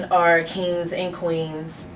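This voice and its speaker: A woman's voice: lowish voice, very slow. A woman hosting a casual interview, emotional and talking with many fillers. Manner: emotional, frequent fillers and laughter. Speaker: interview host. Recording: distant mic with faint background noise.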